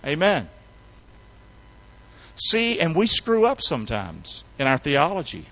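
A man preaching a sermon in a folksy, call-and-response style, swinging between loud emphatic shouts and low hushed tones. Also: wildly swooping pitch, a little slow, long pauses. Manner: folksy, colloquial delivery. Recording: dull, dry, lo-fi recording.

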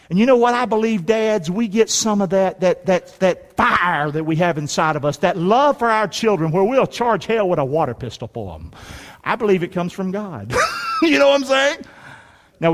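A man preaching a sermon, reading scripture aloud and leading the congregation to repeat it in a folksy, emphatic way. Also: high voice. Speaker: pastor. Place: church. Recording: long echoey hall reverb.

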